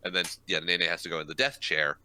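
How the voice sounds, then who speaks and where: Bright-voiced man chatting about anime. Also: deep voice, fast, a little hiss or hum. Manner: swearing, animated retelling of scenes. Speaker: podcast co-host. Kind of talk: casual chat about anime.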